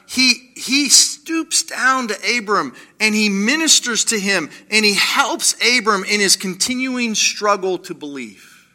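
A man delivering a sermon in a high, bright, sharp-edged voice. His pitch swings widely as he acts out the voices he quotes. He slows to a hush on the lines he wants to land. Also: lively intonation. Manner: drops to slow quiet emphasis on key lines. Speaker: pastor.

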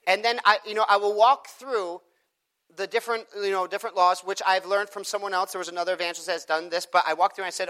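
A man with a high, bright and forceful voice teaches a group in a church room how to share his faith. He lively acts out both sides of street conversations as he goes. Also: fast. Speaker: evangelism teacher. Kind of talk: teaching talk with acted street dialogues.

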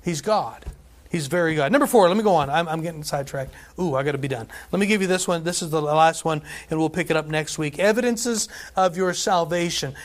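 A man preaches a lively sermon to his congregation. His voice sits high for a man, and he swings between emphatic, drawn-out scripture reading and easy conversational asides. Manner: animated preaching, scripture read aloud with emphasis, asides and laughs. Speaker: pastor.

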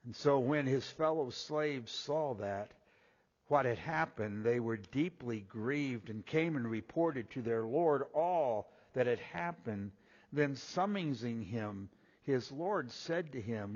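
A man preaching a sermon, reading scripture in a raised voice and dropping low and quiet to explain it. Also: expressive, takes it slowly. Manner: rises loud and high when reading scripture, drops low and quiet when explaining. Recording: dull sound with long hall reverb.

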